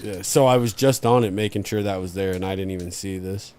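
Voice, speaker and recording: Pria pencerita yang blak-blakan dan kasar. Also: male voice, low voice, a little fast, a little hiss or hum. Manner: profane, animated storyteller. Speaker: podcast co-host. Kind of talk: casual live podcast chat.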